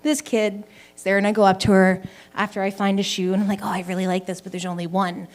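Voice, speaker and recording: A woman's voice: medium pitch, flat delivery, fast. A woman doing an open mic stand-up set, telling a story in a loose, conversational way with swearing and self-deprecating asides. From Canada. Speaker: stand-up comedian. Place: small comedy venue with live audience.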